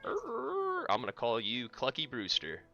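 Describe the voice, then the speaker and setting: A man's voice: deep voice, lively intonation, moderate pace, pushed and bright, highs cut off. An American man livestreaming a game, chatting casually and teasing his co-host in joking banter. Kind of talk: casual chat while gaming.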